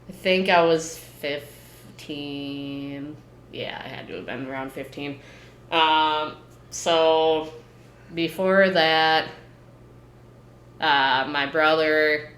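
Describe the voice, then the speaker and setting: A woman's voice: low voice, fairly bright tone, echoey room. A young woman co-hosting a podcast, laughing often and telling her story hesitantly. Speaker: podcast co-host. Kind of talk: casual chat.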